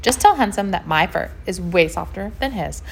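A woman voicing a vain, furry storybook animal who talks in a drawn-out, insistent way. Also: fairly low pitch, animated, vocal fry, slightly rough, exaggerated voice, poor audio.

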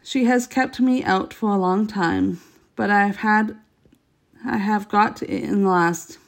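A woman voicing Father Christmas, a huge, glad old man, speaking slowly and solemnly in a storybook reading. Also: medium pitch, gravelly.

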